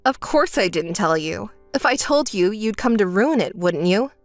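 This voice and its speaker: A woman voicing a calm, level-headed young woman who answers her sister flatly and sarcastically, in a texting-story voice-over. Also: medium pitch, moderate pace, no room sound, soft background music, lightly acted. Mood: dry. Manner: flat, dry, sarcastic.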